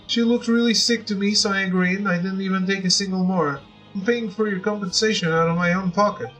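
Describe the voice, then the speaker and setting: A man reading out a fussy, luckless middle-aged father from a video game, who rambles and reaches for quaint exclamations. The voice sits high for a man. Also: fairly even intonation, fairly quick, a bit bright, soft background music, poor audio. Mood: flustered. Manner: old-fashioned exclamations, rambling. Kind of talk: reading game dialogue aloud.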